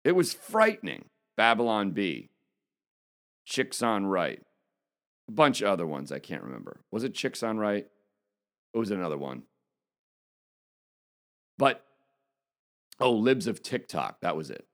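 A man's voice: on the low side, very animated, measured pace, long pauses, fairly bright tone. A man giving an indignant opinion monologue as a political commentator, speaking emphatically. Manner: emphatic, indignant, reads quotes aloud.

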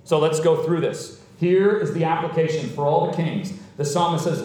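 A man's voice: a little high, moderate pace, hardly any pauses, a little mellow. A man preaching a sermon as pastor, emphatic and rising to exclamations. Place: church sanctuary. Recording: very echoey hall, mic at a distance.

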